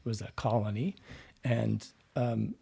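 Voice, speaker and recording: A man working as a dialect coach and actor, a podcast guest who explains speech habits and drops into quick vocal demonstrations. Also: lowish voice, vocal fry, mellow, slightly rough.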